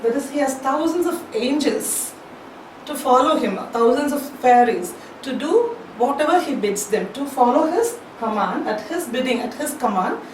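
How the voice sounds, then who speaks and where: A woman's voice: high-pitched, expressive, normal speed, recorded from a distance. A woman lecturer, explaining a poem line by line and paraphrasing as she goes. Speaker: college English lecturer. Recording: echoey room, voice off-mic, faint hiss.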